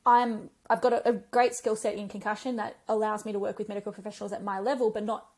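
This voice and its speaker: A woman, a physiotherapist guest on a podcast, telling stories in a chatty, animated way with lots of fillers. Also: medium pitch, fast talker. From Australia. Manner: chatty storyteller, animated retellings, frequent um and like. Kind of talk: conversational podcast interview.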